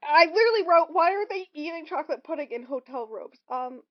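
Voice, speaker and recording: High-voiced woman rambling through a film recap. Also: lively intonation, brisk. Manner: rambling, lots of ums, acts out quotes in bursts. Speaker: podcast co-host. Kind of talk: casual chat recapping a film. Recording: dull lo-fi recording.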